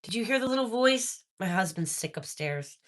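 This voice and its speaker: A woman hosting a live-stream spirit box session, excitable and talking straight to her viewers. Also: medium pitch, moderate pace.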